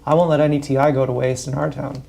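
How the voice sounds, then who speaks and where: A man talking straight to his livestream in a loose, wandering monologue, swearing freely and leaning hard on his points. His voice is gravelly with a dark, mellow tone. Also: mid-range voice, level tone, fast talker. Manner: profane, meandering, emphatic. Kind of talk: rambling casual monologue.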